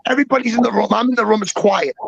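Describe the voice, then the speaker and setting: A man with a gravelly, husky voice tells a story in fits and starts, doubling back on his words and cursing as he goes. The recording sounds dull and lo-fi, close and dry. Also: high voice. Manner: halting, with many restarts and repeats; swears freely. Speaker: guest storyteller. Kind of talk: casual storytelling.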